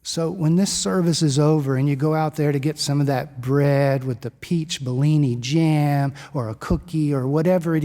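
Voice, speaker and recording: A man preaching a sermon as pastor, telling stories in a conversational, lively way. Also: on the high side. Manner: storytelling, conversational and animated. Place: church sanctuary. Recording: long church reverb.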